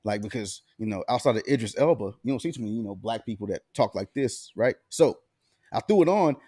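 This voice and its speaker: Podcast co-host from Alabama, lively pitch, dry close sound, loose profane storytelling. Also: male voice, quick pace, no room sound. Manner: laid-back, profane storytelling with laughs. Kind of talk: casual chat.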